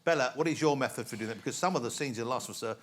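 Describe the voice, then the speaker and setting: A man's voice: medium pitch, racing, slight background noise. A man hosting a chat show, playful and teasing with guests. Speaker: talk show host.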